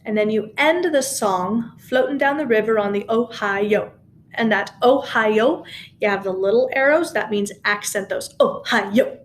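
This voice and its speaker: This recorded choir lesson is taught by a woman at her home piano, speaking and singing along while she walks students through the score with patience and encouragement. A camera mic captures her higher-than-average voice at an ordinary pace, with a bit of hiss or hum in the background.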